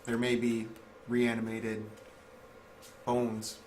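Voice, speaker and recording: A man's voice: mid-range voice, completely flat delivery, darkish tone, a little hiss or hum. Earnest young man playing a tabletop game. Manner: earnest, halting in-character speech. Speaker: player. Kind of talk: in-character tabletop play.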